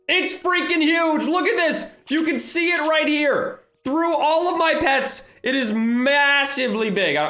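A man giving excitable, rambling gameplay commentary as a gaming YouTuber. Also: very high-pitched, roomy sound.

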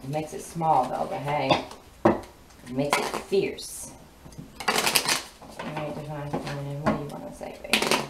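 A woman's voice: deep voice, flat delivery, measured pace, pauses often. A woman giving a casual tarot reading in a sassy, emphatic way, often repeating her lines for effect. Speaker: tarot card reader. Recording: roomy, distant mic, clear background noise.

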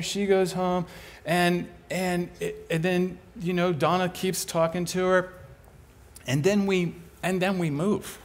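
A man preaching a sermon as an animated, humorous storyteller. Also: high-pitched.

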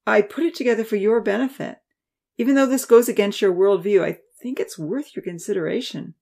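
A woman's voice: medium pitch, a little fast, vocal fry, dark tone, pitched above the performer's own voice. A woman voicing an earnest, nervous young male student who pleads and explains eagerly. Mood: pleading.

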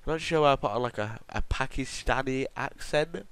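A man's voice: mid-range voice, a little fast, a bit bright, clear, resonant tone. A man hosting a gaming video, rambling and joking to his viewers as he plays. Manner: rambling, jokey, chatting to viewers. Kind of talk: gameplay commentary.

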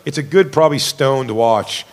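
A man's voice: mid-range voice, moderate pace, long reverb tail. A man co-hosting a casual comedy podcast, telling stories in a rambling way and acting out the screams of the people he quotes. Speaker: podcast co-host.

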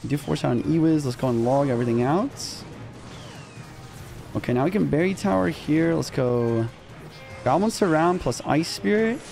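An excitable young man talks through his own match as he plays, in loose casual slang that spikes into yelps when things go wrong. His voice sits a little high for a man, and music plays faintly underneath. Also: moderate pace, vocal fry. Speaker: gaming streamer. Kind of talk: live gameplay commentary.

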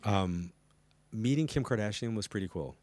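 This guest, a middle-aged psychic medium, talks at a normal speed in a lowish voice. Facing a live studio audience, he shares lively stories and voices the dialogue himself, all captured in a dry recording.

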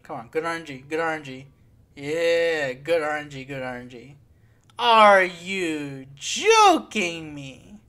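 A woman with a deep voice, fairly even intonation and normal pace hosts a gaming video, playing through a game while faint music plays behind her. Her commentary is sarcastic, exasperated and full of profanity.

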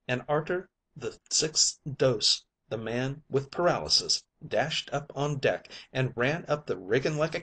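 A man's voice: medium pitch, a bit bright. A man narrating a short story audiobook in a colloquial, yarn-spinning manner. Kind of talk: scripted narration.

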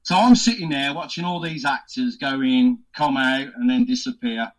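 A man's voice: medium pitch, normal speed, low-quality recording. A man, an actor and podcast guest, telling anecdotes with laughs and put-on voices. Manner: lively, laughs often, does voices in anecdotes. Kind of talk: casual storytelling interview.

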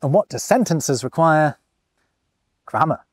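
A man's voice: a little high, expressive, measured pace, slightly rough, no room sound. A man hosting a video and narrating a scripted explainer with enthusiasm, a young father speaking close to the mic. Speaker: host.

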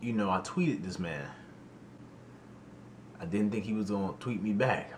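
A young man telling a storytime vlog in an animated, slangy way, often exclaiming in disbelief. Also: lowish voice, measured pace, a little hiss or hum. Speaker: YouTuber.

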